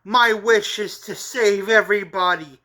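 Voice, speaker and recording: A man voicing a young woman in a manga read-along, in a raised, strained falsetto. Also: fairly even intonation, unhurried, pushed and bright. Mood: resolute. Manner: high-pitched, screaming in pain. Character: young woman, frightened then resolute.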